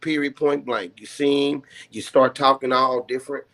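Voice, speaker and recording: A man's voice: medium pitch, fairly even intonation, normal speed, fairly bright tone. A man on a talk show panel, speaking passionately and swearing often, then apologizing for getting carried away. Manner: passionate, swears a lot, apologizes after outbursts. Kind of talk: heated casual discussion.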